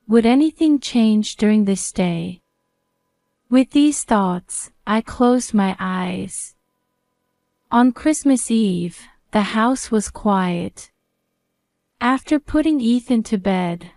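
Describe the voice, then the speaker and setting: A woman narrating a first-person story in a calm, even reading voice. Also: mid-range voice, dry recording, studio quality.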